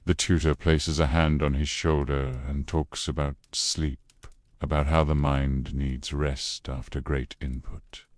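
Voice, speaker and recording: A man calmly narrating a scripted bedtime history story in a low, unhurried way. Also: dry recording, studio quality. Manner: low, calm, unhurried delivery.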